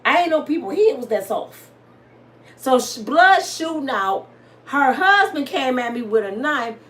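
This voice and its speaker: A woman with an African American Vernacular English accent, telling a dramatic personal story to her listeners in a casual, lively way. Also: sits high, measured pace. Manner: dramatic, addresses listeners as y'all. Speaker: storyteller host.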